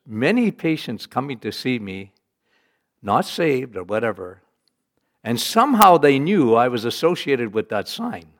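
A middle-aged man preaching a sermon, animated, rising to emphatic bursts and dropping low for weight.

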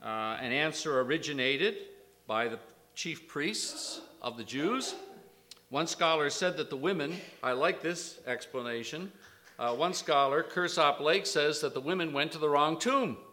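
A man preaching a sermon, slow and emphatic, rising sharply on quoted lines with scholarly asides. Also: sharp tone. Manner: slow, emphatic, with sudden lifts in pitch and volume on quotations. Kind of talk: expository sermon.

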